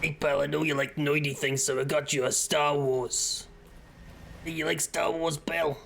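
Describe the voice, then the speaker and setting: A man's voice: a little high, flat delivery, moderate pace, creaky, a little hiss or hum. Man putting on a brash New York tough guy. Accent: put-on New York. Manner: pushy, loud, swaggering.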